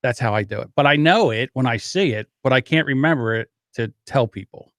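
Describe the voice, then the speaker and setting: A man speaks as a guest on a podcast in a plain, wry, conversational way. His voice is mid-pitched. The recording is close and dry. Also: a little fast, a bit bright, no echo. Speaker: podcast guest, audio editor. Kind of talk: casual podcast chat.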